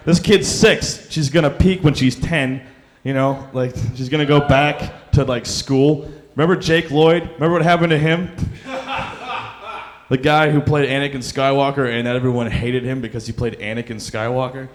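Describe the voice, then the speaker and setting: A man's voice: medium pitch, fairly even intonation, normal speed. A young man performing a stand-up comedy set, rambling and self-deprecating, with lots of fillers, on a club stage mic. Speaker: stand-up comic.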